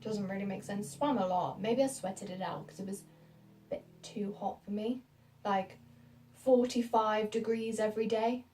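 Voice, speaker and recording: A woman's voice: mid-range voice, moderate pace, dark tone, recorded from a distance, rough recording. A British young woman in her late teens, telling a story to camera in a rambling, giggly, self-mocking way. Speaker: vlogger.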